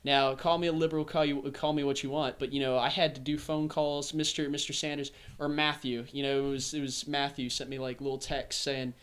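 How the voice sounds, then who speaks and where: A young man from the American South hosting a podcast, telling a story in a casual, animated way. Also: mid-range voice, fairly quick, hardly any pauses. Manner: animated storyteller, acts out voices. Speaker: podcast host. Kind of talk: casual chat.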